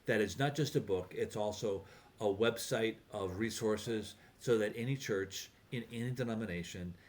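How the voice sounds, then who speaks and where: A man speaking as a podcast guest and author, explaining his work in a measured way. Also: on the low side. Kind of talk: interview talk.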